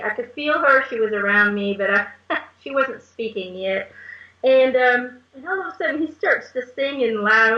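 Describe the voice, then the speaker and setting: A woman's voice: sits high, lively intonation, normal speed. A woman being interviewed as a medium, telling chatty stories and laughing often. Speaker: guest medium. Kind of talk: casual interview chat. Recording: echoey, dull lo-fi recording.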